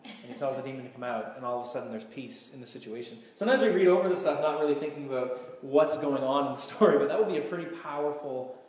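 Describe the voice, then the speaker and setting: The pastor's mid-range voice moves at a quick pace as he delivers an emphatic, conversational sermon in a large hall. He brings his stories to life with animation, and the sound echoes around the space.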